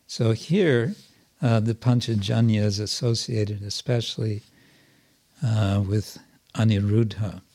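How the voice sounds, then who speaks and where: A man teaching a scripture class, reading verses aloud and explaining them slowly with many pauses and restarts. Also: lowish voice, darkish tone. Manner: slow and hesitant, many fillers and restarts.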